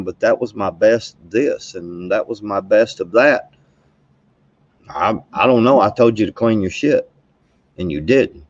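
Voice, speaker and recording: A man's voice: lowish voice, no room sound, dull audio. A man telling a rambling, profane story in casual livestream chat, chuckling as he goes. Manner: rambling storyteller, profane, laughs while talking. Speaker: guest caller on a live stream.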